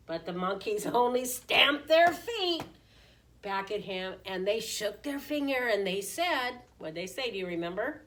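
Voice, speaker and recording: A woman preschool teacher reading a picture book aloud in an animated way, often asking the children questions. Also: a little high, measured pace. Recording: voice distant from the mic.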